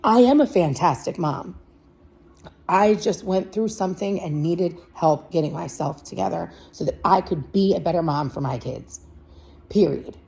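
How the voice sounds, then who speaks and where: Young mom vlogger, woman, dark husky voice, emotional and pleading, repeats for emphasis. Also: on the low side, normal speed. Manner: earnest, pleading, repeats herself. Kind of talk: heartfelt direct-to-camera vlog.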